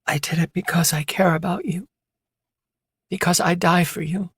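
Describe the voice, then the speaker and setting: A man reading an audiobook voices a wounded young woman who speaks softly and pleads with quiet, loyal earnestness. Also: sits high, fairly even intonation, moderate pace, breathy edge, no room sound, clean studio sound, voice pushed up, full character voice. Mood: pleading. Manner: soft, pleading. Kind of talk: audiobook character voice.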